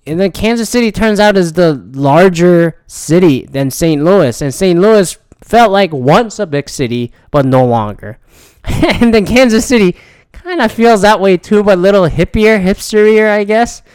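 Profane rambling man, smooth clear voice. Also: fairly high pitch, darkish tone, no room sound. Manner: profane, rambling, frequent restarts. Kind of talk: casual rambling monologue.

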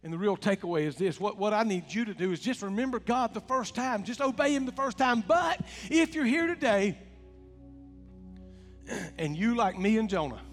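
High-voiced preacher in a reverberant church. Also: male voice, moderate pace. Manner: animated preaching, drops to soft hushed tones for quoted words. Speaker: pastor. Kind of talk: sermon. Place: church sanctuary. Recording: long hall reverb, faint music.

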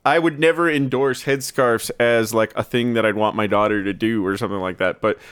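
A man co-hosting a podcast in casual chat, quick and joking, laughing often. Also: lowish voice, fairly even intonation, a bit bright, clean tone, no room sound, studio quality.

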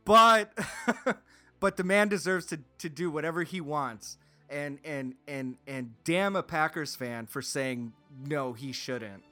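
A man from Green Bay talks sports on a podcast in a rambling rant that keeps restarting and climbs into heated outbursts. His voice sits a little high for a man. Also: unhurried, bright, forceful tone, soft background music. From Green Bay, Wisconsin. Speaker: podcast co-host. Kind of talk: casual sports talk rant.

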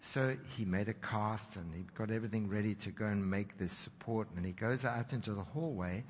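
A preacher telling a story in a sermon, animated as he acts out the dialogue. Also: on the low side, brisk. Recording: reverberant hall with faint noise.

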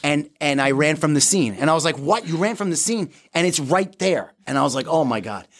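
A man's voice: on the high side, lively intonation, fairly quick. A man co-hosting a casual podcast, telling rambling, self-mocking stories. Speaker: podcast co-host in recovery. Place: Florida.

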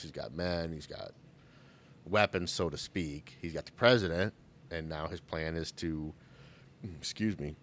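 A man's voice: low-pitched, a little hiss or hum. A man co-hosting a podcast, chatting casually about a movie, joking and acting out quotes in raised voices. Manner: animated, jokey, acts out quotes in raised voices. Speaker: podcast co-host.

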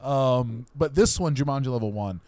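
A man's voice: mid-range voice, moderate pace, darkish tone, no echo. Playful young man, dry close sound. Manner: playful storyteller, spins made-up plots. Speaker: podcast co-host. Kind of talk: casual comedic chat.

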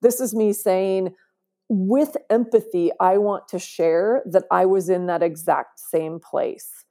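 Mellow-voiced woman talking earnestly. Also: medium pitch, fairly even intonation, takes it slowly. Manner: earnest, emphatic, often asks "right?". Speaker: podcast guest. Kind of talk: conversational interview.

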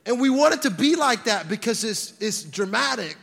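A man's voice: extremely high pitch, very animated, normal speed, gravelly, a bit bright. A man, a pastor, preaching a sermon in a conversational way to a congregation, often restarting words and using fillers. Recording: long reverb of a large hall.

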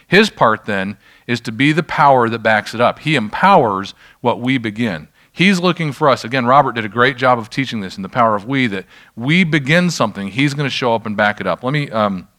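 A man's voice: mid-range voice, lively intonation, a little fast, few pauses, bright, forceful tone. A middle-aged man preaching a sermon, telling stories in a conversational way and adding self-deprecating asides as he leads a healing ministry. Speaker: pastor leading a healing ministry.

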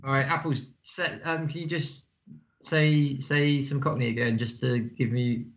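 A man in casual podcast banter, swearing and animated. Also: medium pitch, unhurried. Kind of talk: casual chat. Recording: roomy, muffled sound.

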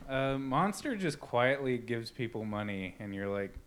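A man's voice: medium pitch, big pitch swings, measured pace, a bit bright. A man chatting casually and joking with friends, laid-back, with many filler words. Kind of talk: casual chat.

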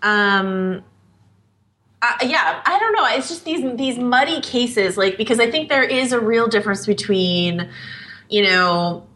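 A woman co-hosting a podcast, musing aloud in a lively way with lots of fillers. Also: fairly high pitch, unhurried. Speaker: podcast co-host. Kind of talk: casual discussion.

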